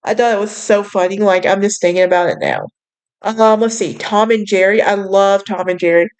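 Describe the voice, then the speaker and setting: A woman's voice: medium pitch, very animated, normal speed, smooth. Chatty young woman with a Southern lilt. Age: young adult. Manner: chatty, sassy, bubbly with frequent fillers. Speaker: podcast host. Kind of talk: casual chat.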